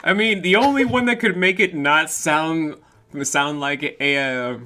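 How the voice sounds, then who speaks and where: A man's voice: a little high, a little slow, bright, forceful tone. A man hosting a casual online interview, chatty and joking, with frequent asides. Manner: joking, chatty, slips into comic voices. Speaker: interview host.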